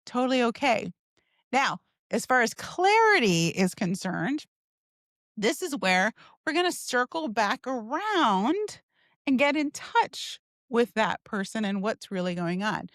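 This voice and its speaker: Upbeat woman sales coach, lively voice. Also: a little high, no echo, studio quality. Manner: upbeat, expressive, acts out example lines. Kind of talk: teaching monologue.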